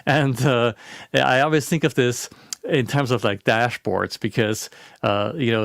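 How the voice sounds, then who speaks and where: Gravelly-voiced man giving a webinar talk. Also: mid-range voice, normal speed, no echo, clean studio sound. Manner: conversational with restarts and fillers. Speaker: presenter. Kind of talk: webinar presentation.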